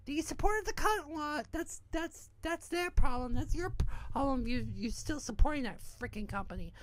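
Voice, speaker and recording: A woman's voice: high voice, lively intonation, normal speed, slight background noise. A woman in her thirties, from New Hampshire, ranting bitterly in a rambling, profane monologue full of restarts. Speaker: online community founder.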